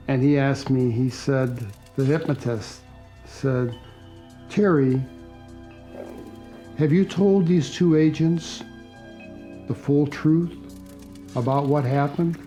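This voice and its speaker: Older man, documentary testimony, slow and unhurried, mellow tone, soft music behind. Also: mid-range voice. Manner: slow, reflective storytelling. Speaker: interviewee recounting experience.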